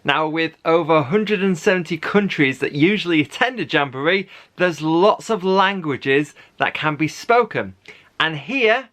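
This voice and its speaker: Male host, high and bright voice, upbeat intro delivery. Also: expressive, a little slow. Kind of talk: friendly video intro.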